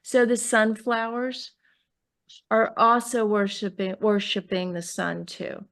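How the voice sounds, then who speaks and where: A woman poet with a New York accent, talking casually about her book in an interview, often pausing and restarting as she searches for words. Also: medium pitch, little pitch movement, fairly bright tone.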